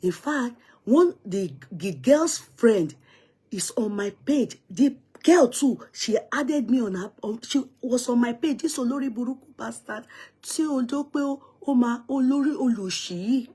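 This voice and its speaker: A middle-aged woman with a Nigerian accent, telling a personal story with dramatic swings from hushed whispers to loud outbursts. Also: a little high, animated, moderate pace, breathy edge. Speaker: vlogger.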